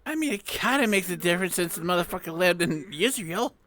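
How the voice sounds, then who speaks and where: A young adult in the middle of a live-streamed academy roleplay, speaking in casual in-character banter. The delivery is blunt and full of swearing, at a mid-range pitch. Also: animated, a little fast, a bit bright, a little hiss or hum.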